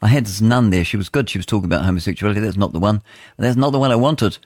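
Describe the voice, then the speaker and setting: Male radio host, low-ish voice, rambling casual delivery, dry close mic. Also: rapid-fire, darkish tone, no room sound. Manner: rambling, thinks aloud while hunting for clips.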